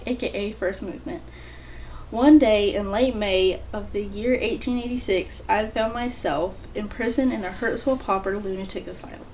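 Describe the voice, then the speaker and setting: A woman's voice: medium pitch, darkish tone, slight background noise. A woman hosting her own book vlog in a casual, chatty way, reading short passages aloud between light asides. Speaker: book vlogger, channel host.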